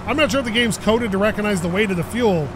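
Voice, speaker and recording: A gaming YouTuber with a high voice talks fast while playing a car game, rambling casually and poking fun at himself. His voice sounds a bit worn, as if he's losing it. Noisy game audio, car engine and game ambience, sits behind him.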